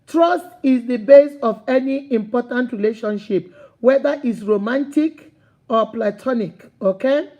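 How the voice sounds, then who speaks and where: A woman's voice: on the high side, unhurried, warm tone, lo-fi sound. A woman with a Nigerian accent hosting a live advice stream, outspoken, scolding and humorous. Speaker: host.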